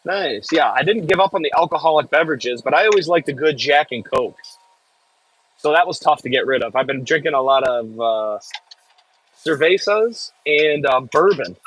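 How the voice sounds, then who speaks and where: Easygoing Midwestern man with a husky voice. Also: on the high side, lively intonation, normal speed, fairly bright tone, low-quality recording. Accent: Midwestern American. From Midwest United States. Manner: easygoing, chatty, jokey asides. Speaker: farm worker live-streaming from an excavator. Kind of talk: casual live-stream chat, reading viewer comments.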